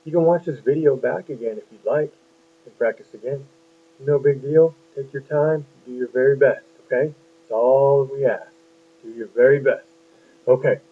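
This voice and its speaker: Man, phonics teacher for young kids, encouraging, patient, questioning, husky, lo-fi phone-like audio. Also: medium pitch, moderate pace. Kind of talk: phonics lesson for young children. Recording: tinny lo-fi phone-like sound.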